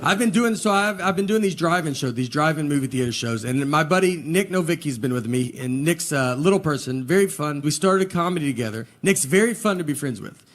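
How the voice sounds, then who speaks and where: Deadpan man doing slow stand-up. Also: fairly high pitch. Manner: slow deadpan storytelling with hesitant pauses. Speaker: stand-up comedian. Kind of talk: stand-up comedy set. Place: live comedy venue with audience. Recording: live show with audience laughter and background noise.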